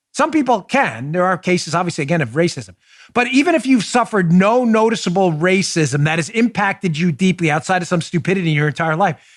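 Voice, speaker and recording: A man hosting a political talk show, delivering animated, mocking commentary with big swings in his voice. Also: sits high, dry recording, clean studio sound. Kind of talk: opinionated commentary.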